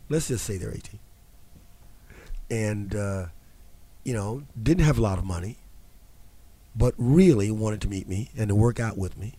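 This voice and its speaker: A man's voice: lowish voice, mellow. A man hosting a fitness talk show from a studio, telling a long story in a rambling, casual way with many restarts and fillers.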